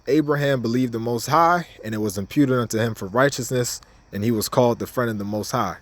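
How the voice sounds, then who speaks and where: A man's voice: medium pitch, dry recording. A man giving an informal scripture lesson in a casual, repetitive way, reading verses aloud between his own comments. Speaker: bible teacher.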